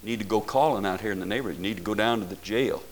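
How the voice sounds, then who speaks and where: A man's voice: fairly low pitch, racing, a little hiss or hum. Older male pastor preaching emphatically. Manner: emphatic preaching with rising, loud stresses and rhetorical questions. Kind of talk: sermon.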